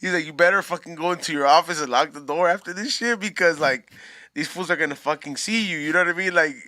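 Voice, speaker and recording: A man's voice: a little high, fast talker, bright, forceful tone. A man, casually telling a story on a podcast, slangy and full of profanity. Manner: laid-back slangy storytelling with profanity, laughs often. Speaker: podcast host.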